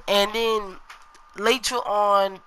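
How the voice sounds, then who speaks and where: A woman vlogger recounts her day in a loose, rambling storytelling style. Her voice is bright and forward, and she peppers her talk with slang and "you know". Her pitch sits in an ordinary middle range. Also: fairly even intonation, drawn-out words, rough recording. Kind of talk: casual storytelling to camera.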